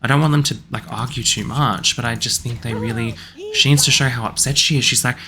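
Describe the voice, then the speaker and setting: A man's voice: mid-range voice, steady tone, fast, bright, forceful tone. A young man chatting through a life-sim game, rambling and acting out what the characters say. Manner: chatty, rambling, quotes characters in a slightly raised voice. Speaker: let's play host. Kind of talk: casual commentary voicing game characters.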